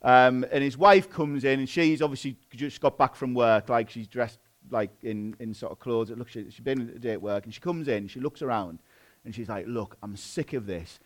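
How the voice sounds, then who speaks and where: A man in his thirties preaching a sermon in a relaxed, chatty way, self-deprecating and full of fillers. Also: medium pitch, moderate pace.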